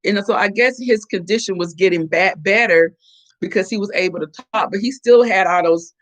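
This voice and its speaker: A middle-aged woman hosting a casual live chat, animated and chatty as she reacts to viewer comments. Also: mid-range voice, moderate pace. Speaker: host.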